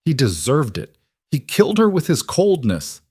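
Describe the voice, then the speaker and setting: A man's voice: fairly high pitch, huge pitch swings, normal speed, darkish tone, slightly rough, no room sound, studio quality, pitched above the performer's own voice, heavily acted. A man doing an indignant old governess. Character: bitter older female governess, self-righteous.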